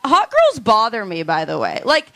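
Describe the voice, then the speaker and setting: A woman doing a stand-up comedy set on a club stage, with deadpan, drawn-out punchlines. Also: a little high, slight background noise.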